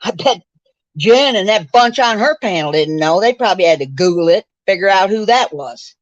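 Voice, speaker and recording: A woman's voice: mid-range voice, animated, moderate pace, no room sound, dull audio. A woman in her seventies from upstate New York, ranting bluntly and heatedly on a livestream, with a profane, combative manner. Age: 70s. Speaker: livestream host.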